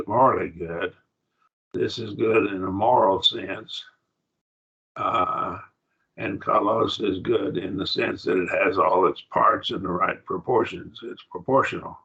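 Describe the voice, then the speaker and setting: A man lectures to a class at an unhurried pace, his voice gravelly and husky, patiently repeating phrases as he walks through each point. The sound has a bright edge, but the recording is dull and lo-fi, and he seems to be in a classroom. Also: low voice, fairly even intonation. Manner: patient, repeats words while explaining. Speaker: Bible class teacher.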